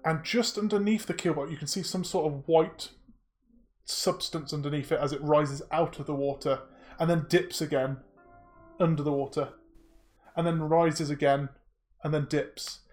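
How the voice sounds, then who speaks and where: A man with a fairly high voice narrates a tabletop game as its game master. He paints scenes in a loose, descriptive way, with plenty of ums and casual swearing. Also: fairly even intonation, normal speed, soft background music.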